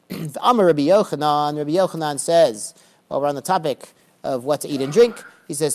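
A man teaching a Talmud class, reading Aramaic phrases slowly and explaining them in casual English with dry joking asides. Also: on the high side.

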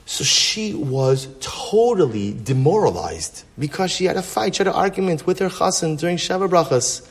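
Lively rabbi teaching a class. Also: male voice, fairly high pitch, normal speed, husky. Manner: animated teaching with rhetorical questions. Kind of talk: Torah class lecture.

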